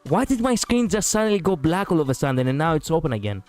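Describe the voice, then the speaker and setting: Animated streamer man, laughs a lot. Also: on the high side, fast talker, faint music behind. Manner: animated, laughs often, stumbles and restarts. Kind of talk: casual gaming commentary, reading story text aloud.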